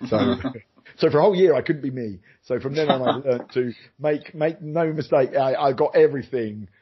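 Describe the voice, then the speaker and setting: A man, a former radio DJ, telling stories in a lively, self-mocking way on a podcast. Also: mid-range voice, moderate pace, background noise. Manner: animated, jokey, self-mocking, acts out voices. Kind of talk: casual storytelling chat. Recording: dull lo-fi podcast audio.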